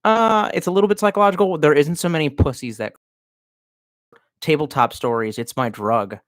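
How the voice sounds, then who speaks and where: A man's voice: a little high, moderate pace, fairly bright tone, no room sound. Rambling, foul-mouthed man streaming from home. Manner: rambling and profane, with many restarts. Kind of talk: casual livestream chat.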